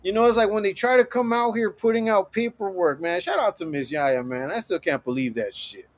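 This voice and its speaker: A man's voice: high-pitched, lively intonation, brisk. A man hosting his own live stream, giving profane, swaggering motivational talk with frequent laughter. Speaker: livestream host. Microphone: streaming setup.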